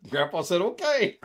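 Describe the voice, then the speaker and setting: An older man hosting a casual livestream. He rambles through anecdotes at an ordinary middle pitch, acting out the people in his stories and chuckling as he goes. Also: a bit bright, slight background noise. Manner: rambling storyteller who acts out quoted voices, chuckling often. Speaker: livestream host. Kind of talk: casual chat.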